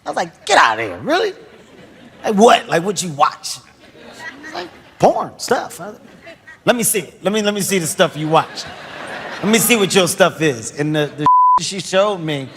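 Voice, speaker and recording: A man telling a comic story in an animated, laughing way. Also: high voice, moderate pace, big-room sound, background noise.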